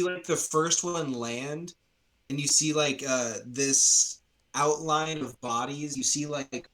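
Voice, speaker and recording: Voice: medium pitch, a bit bright, low-quality recording. A game master narrating a tabletop game in a rambling, casual way full of fillers.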